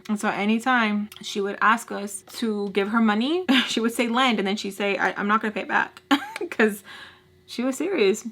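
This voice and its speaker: A woman in her thirties, a beauty vlogger telling a chatty, animated storytime while doing her makeup at home, with lots of "like". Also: mid-range voice. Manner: chatty, animated, heavy use of "like".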